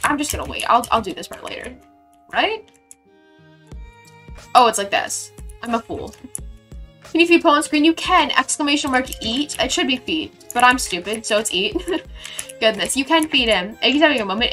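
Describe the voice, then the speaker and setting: Bubbly young woman streamer, bright voice. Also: a little high, animated, normal speed, long pauses, soft background music. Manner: bubbly, gushing thanks to chat, playful slang. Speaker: live streamer. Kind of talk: casual live-stream chat while building in a game.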